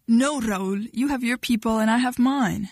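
A woman's voice: a little high, normal speed, no echo, clean studio sound. A woman reading a blunt, cold young woman. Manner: sharp, dismissive, impatient.

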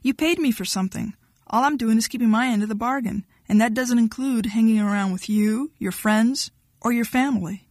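A woman's voice: on the high side, brisk, a little mellow, dry recording, studio quality, close to an everyday voice. A woman reading the part of a blunt, impatient young woman who talks sharply and dismissively.

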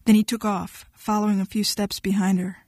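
A woman narrates an audiobook in a steady, even storytelling voice at a middle pitch. The recording is dry and close, with no room echo at all. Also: a little fast.

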